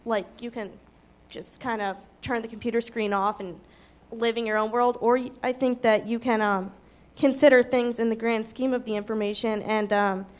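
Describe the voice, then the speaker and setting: A woman's voice: on the high side, steady tone, normal speed, few pauses. A young woman student asking a long, hesitant question from the audience, with many ums. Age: young adult.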